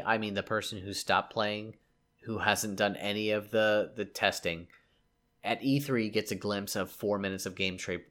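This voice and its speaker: Low-voiced man making emphatic demands. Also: fairly bright tone. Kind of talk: casual gaming discussion.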